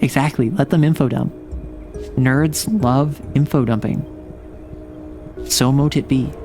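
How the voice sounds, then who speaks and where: A man's voice: mid-range voice, steady tone, a little slow, pauses often, a little mellow, faint music behind. A man streaming a game and talking through it in a playful, chatty way, reacting to everything with big, exaggerated responses. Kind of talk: casual game commentary.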